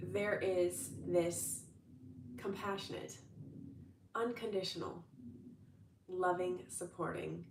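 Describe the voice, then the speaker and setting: A woman's voice: on the low side, slight background noise. A young adult woman talking casually as a manifestation coach on a livestream, upbeat and chatty, with lots of fillers and restarts. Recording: roomy echo, distant from the mic.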